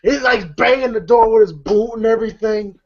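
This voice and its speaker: Dude rambling thru a movie recap, lots of "like" and "you know", kinda muffled lo-fi audio. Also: male voice, high voice, a little fast, darkish tone. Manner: rambling, lots of fillers and laughter. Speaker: podcast host, film reviewer. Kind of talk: casual chat, retelling a film.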